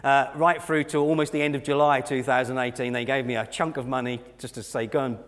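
A man's voice: medium pitch, level tone, a little fast. A male pastor preaching a sermon to his church, earnest and building to a raised, fervent delivery. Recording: long reverb of a church hall.

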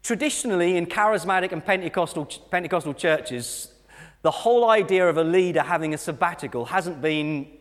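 A man's voice: high-pitched, brisk. Earnest preaching man in a reverberant church. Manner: earnest, builds to a raised preaching voice. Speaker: pastor. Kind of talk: sermon. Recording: long reverb of a church hall.

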